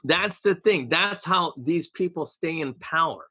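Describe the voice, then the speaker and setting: A man's voice: a little high, expressive, measured pace, bright, forceful tone, slightly rough. A man in casual podcast chat, opinionated and ranting, with sarcastic asides.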